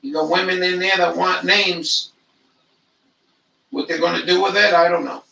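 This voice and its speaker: A man's voice: high-pitched, little pitch movement, moderate pace, creaky, pushed and bright, echoey room, far from the mic. An older man telling rambling, profane stories in a meandering monologue. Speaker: vlogger.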